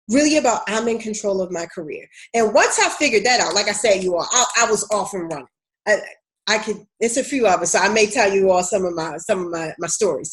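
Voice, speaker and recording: Chatty Baltimore woman career coach. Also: fairly high pitch. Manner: candid, chatty, addresses viewers as y'all. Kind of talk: live-streamed casual talk to viewers.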